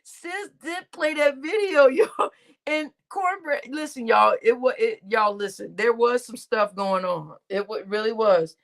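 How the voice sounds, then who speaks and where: A woman's voice: on the high side, measured pace, creaky. A woman commentating on a casual gossip livestream, often breaking into laughter, swearing freely and talking to her chat. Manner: laughing often, profane, addressing chat as y'all.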